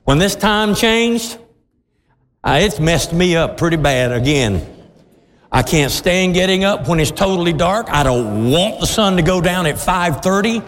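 A male pastor preaching a sermon, deliberate and emphatic, lingering on words. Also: sits high, lively intonation, fairly bright tone, long reverb tail.

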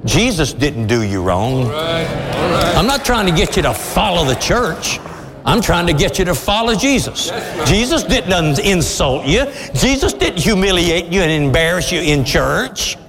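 A male pastor preaching a sermon, building to sudden shouts, with a congregation calling back. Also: on the high side, big pitch swings, normal speed. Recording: echoey hall with crowd responses. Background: congregation calling out responses.

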